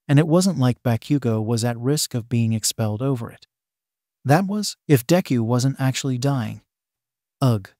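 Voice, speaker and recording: A man's voice: mid-range voice, a little mellow, no room sound, clean studio sound. Man narrating fan fiction.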